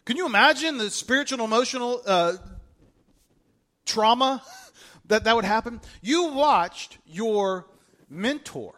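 A pastor with an extremely high voice preaches a sermon to his congregation in a casual, joking style, speaking a little slowly with long pauses. Humorous and animated, he acts out the voices of the people in his story.

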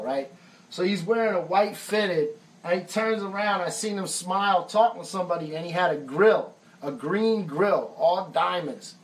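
A man's voice: high voice, distant mic, low-quality recording. Laid-back American man telling stories. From United States. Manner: laid-back and profane, says "man" often. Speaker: musician and songwriter hosting a live stream. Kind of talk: casual storytelling.

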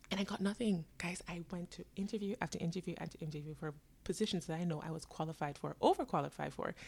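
A woman in her twenties telling her own story to her viewers, dramatic and animated, laughing often and acting out the people in it. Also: on the low side. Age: 20s. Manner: voices herself and others in quick asides. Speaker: vlogger. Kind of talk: storytelling to camera.

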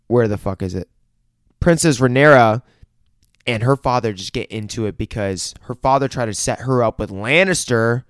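Casual male recapper, mid-pitched voice, swears constantly, rambles, acts out the characters' lines, dry close sound. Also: clear, resonant tone, no room sound. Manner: profane, rambling, animated retelling with quoted dialogue. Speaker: show recapper.

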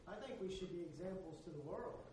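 A man talks earnestly in a group discussion, pausing and restarting as he searches for words. His slightly high voice comes from across an echoey room. A faint murmur of ambience sits behind him. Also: animated, warm tone, slight background noise. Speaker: church group member. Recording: roomy sound from a distant mic.

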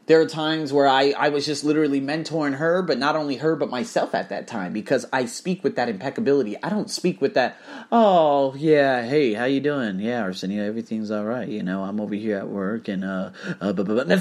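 A man's voice: medium pitch, slightly rough. A man hosting a podcast, talking in a casual, profane, preachy way as he tells stories and gives advice. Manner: animated, profane, preachy storytelling. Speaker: podcast host. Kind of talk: casual motivational podcast monologue.

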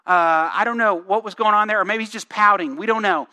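Male pastor, very high voice, bright tone, casual sermon delivery with rhetorical questions. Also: fast talker, few pauses. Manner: conversational, asks the congregation questions; reads scripture aloud with emphasis.

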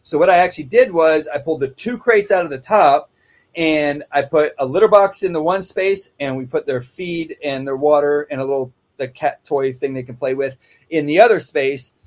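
A man with a slightly higher-than-usual voice, talking through how he trains dogs. He rambles in a loose, conversational way and keeps checking in with listeners by asking "right?". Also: normal speed. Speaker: dog trainer. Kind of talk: casual instructional talk. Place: kennel office.

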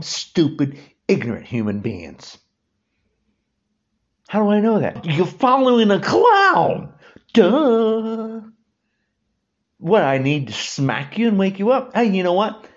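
A man's voice: on the high side, very animated, measured pace. A man in his sixties giving an angry, insulting rant, repeating himself. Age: 60s. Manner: furious, insulting, repetitive. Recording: dull lo-fi recording.

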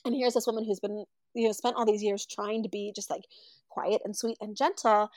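A woman's voice: mid-range voice, a little fast, no room sound, low-quality recording. A woman telling a story casually, acting out the people she quotes. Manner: animated, acts out quoted voices.

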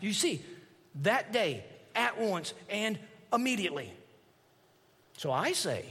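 A man's voice: high-pitched, fairly bright tone. A man preaching a sermon as pastor, reading scripture aloud and adding emphatic asides to the congregation. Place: church sanctuary. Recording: long reverb of a large hall.

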